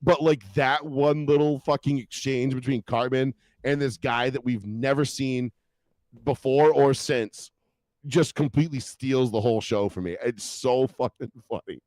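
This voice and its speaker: A man's voice: mid-range voice, measured pace, dry recording. A man co-hosting a podcast, chatting casually with lots of fillers and swearing. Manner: animated, swears a lot, many fillers. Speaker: podcast co-host. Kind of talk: casual banter.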